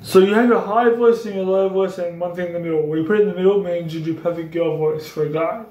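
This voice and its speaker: This vlogger has a high, slightly mellow voice that stays steady while moving at a quick pace. A young YouTuber known for impressions, he explains them in a wandering, repetitive chat from an echoey room.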